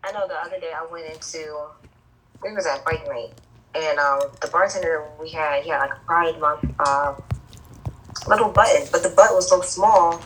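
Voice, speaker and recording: A woman in casual chat who tells a lively anecdote. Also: low-pitched, normal speed, a little hiss or hum. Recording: voice distant from the mic.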